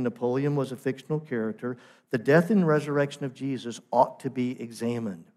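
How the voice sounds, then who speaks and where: A man preaching a sermon as pastor, emphatic, asking rhetorical questions and repeating phrases for emphasis. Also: medium pitch.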